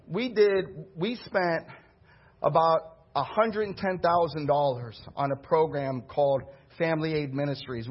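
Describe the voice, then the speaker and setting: A pastor telling a story in his sermon, conversational and animated. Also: fairly high pitch, husky, highs cut off. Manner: animated, conversational, acts out the people he quotes.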